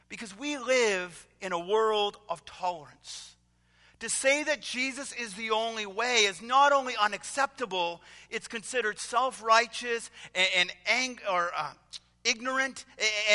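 A man preaching a sermon who tells stories with acted voices and dramatic pauses, with long reverb around him. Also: high-pitched, bright, forceful tone. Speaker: pastor.

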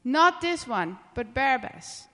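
A woman reading a loud angry crowd. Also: medium pitch, expressive, moderate pace, in a large hall. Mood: insistent. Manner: loud, insistent. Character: angry crowd of accusers, men.

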